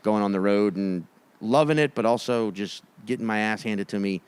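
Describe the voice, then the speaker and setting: A man in his thirties co-hosting a comedy podcast, telling stories in an animated way and swearing freely. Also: fairly low pitch, moderate pace, smooth. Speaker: podcast co-host. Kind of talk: casual comedic chat.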